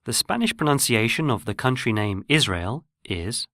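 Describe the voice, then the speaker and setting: A man narrates a language lesson in a steady, explanatory way, his pitch sitting in the middle range. The recording is dry and close, with no room sound. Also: no room sound. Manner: measured, explanatory.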